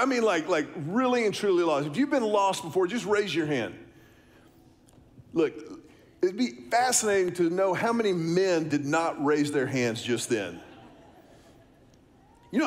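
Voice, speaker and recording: A man's voice: sits high, sing-song, moderate pace, pauses often. A middle-aged man, preaching a sermon, telling a story and asking the congregation questions. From Texas, US. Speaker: pastor.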